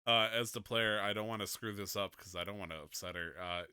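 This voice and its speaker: A man's voice: fairly low pitch, brisk, sharp tone, smooth, no room sound, studio quality. A man playing a tabletop game, rambling and joking, stumbling over his words. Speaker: player.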